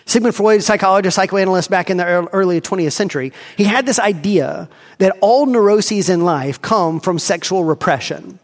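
A man's voice: high voice, normal speed, big-room sound. A man preaching a sermon as a pastor, asking emphatic rhetorical questions and acting out inner dialogue.

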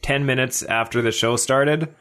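A tired man, a podcast co-host telling a long story in casual chat, halting and restarting as he goes. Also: medium pitch, steady tone, fairly bright tone.

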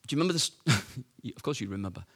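A man's voice: mid-range voice, big pitch swings, fast talker, a bit bright, slightly rough. A man preaching a sermon, telling the story in a conversational way with rhetorical questions and fillers.

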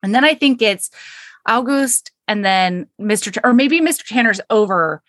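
A woman hosting a podcast, recapping a book in casual chat and acting out the characters' lines with lively energy. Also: on the high side, normal speed, no room sound, clean studio sound. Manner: animated storyteller who acts out character quotes. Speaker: podcast host.

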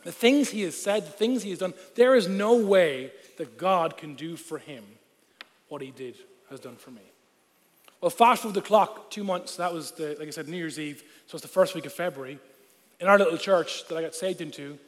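A man in his thirties, a pastor, telling a personal story in a sermon with animated, humorous delivery and acted-out voices. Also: on the high side. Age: 30s. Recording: long reverb of a large hall.

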